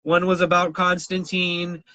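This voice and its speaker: A man's voice: sits high, unhurried, dry recording, poor audio. A man co-hosting a podcast, telling wild stories in casual chat, swearing and laughing often. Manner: animated storyteller, swears a lot, laughs often. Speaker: podcast co-host.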